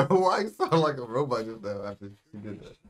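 A young man in casual banter, laughing often and throwing out quick exclamations. His mid-pitched voice swings hugely between low murmurs and sudden high yelps. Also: big pitch swings. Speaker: reaction video co-host. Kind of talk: casual reaction commentary.

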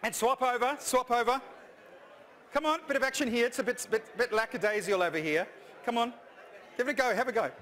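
Brief: upbeat male keynote speaker, fairly high voice, joking and urging the crowd on. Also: brisk. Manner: lively, jokey, coaxing the audience. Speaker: conference speaker. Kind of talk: humorous keynote talk.

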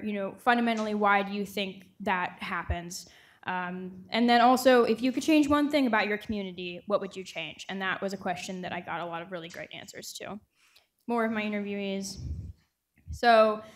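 A young woman in her twenties presenting her reporting project at a conference, earnest and thoughtful, with frequent "um" and "uh" fillers. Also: medium pitch.

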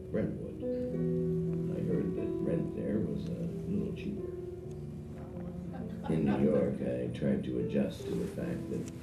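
A man's voice: a bass voice, creaky, heavily acted. A man narrating as a world-weary private investigator in a noir-style book trailer, laconic and dry. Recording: trailer played through speakers, roomy and distant. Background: loud guitar music.

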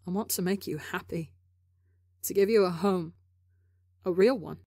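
A woman's voice: medium pitch, takes it slowly, a little mellow, dry recording. Woman reading desperate young man, pleading, stammering, dry close sound. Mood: earnest. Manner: pleading, stammering with broken restarts. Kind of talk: audiobook character reading.

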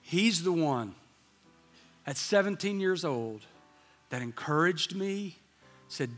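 A man's voice: a little high, lively intonation, slow pace, long pauses, a bit bright, in a large hall, faint music behind. A man in his fifties preaching a sermon, telling a candid story and acting out the dialogue. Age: 50s. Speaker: pastor. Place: church sanctuary.

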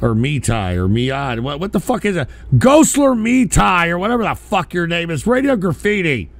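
A man hosting a profane call-in stream, ranting furiously and sometimes shouting. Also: fairly high pitch, sing-song, a little fast, dry recording. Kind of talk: profane live call-in show.

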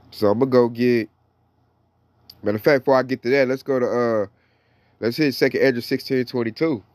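A man's voice: medium pitch, darkish tone, no echo. A man teaching the Bible in a casual, slangy preaching style, reading verses aloud between his comments. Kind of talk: casual sermon with scripture reading.

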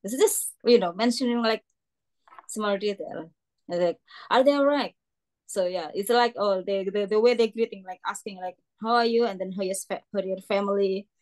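A young woman with an Indonesian accent, giving a casual guest lecture, chatty, with many "like" fillers and greetings acted out in a high voice. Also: steady tone, moderate pace, a little mellow. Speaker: guest speaker.

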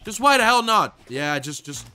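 Young man raging over his game, lively and bright. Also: normal speed, clear, resonant tone. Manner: swings between frustrated shouting and low muttering, lots of swearing. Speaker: gaming YouTuber. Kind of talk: live gameplay commentary.

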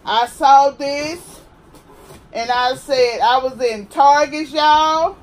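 A woman's voice: high voice, slow. A woman hosting her own vlog, talking viewers through a casual unboxing review and chatting to them constantly. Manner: chatty, keeps addressing viewers as y'all. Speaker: vlog host.

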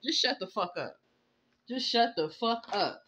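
Very animated, pushed and bright, this woman's high-leaning voice keeps a measured pace. She's a tarot reader giving a blunt, profane, casual reading, laughing and scolding, recorded in slightly dull lo-fi sound.

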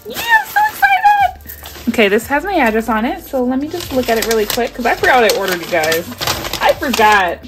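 Gushing, high-voiced woman unboxing nail powders. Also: fast, loud music behind the voice. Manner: gushing, squealing and gasping with excitement. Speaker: nail vlogger doing an unboxing. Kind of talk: excited casual unboxing chat.

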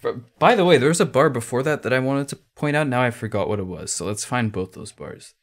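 A man's voice: mid-range voice, lively intonation, fairly quick. A man giving casual reaction commentary on a rap song, chatting and breaking down the rhymes and wordplay. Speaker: music reaction streamer.

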